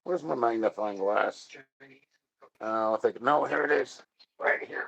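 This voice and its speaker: A man's voice: mid-range voice, unhurried, vocal fry, pauses often, a bit bright, breathy edge, no echo. A man chatting casually on a live stream, rambling, joking and answering chat. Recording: dry, dull lo-fi sound.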